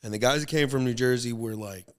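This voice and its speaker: Young male podcast co-host, casual and animated, acts out the people in his stories. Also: medium pitch, fast. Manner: animated storytelling, acts out voices. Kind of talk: casual chat.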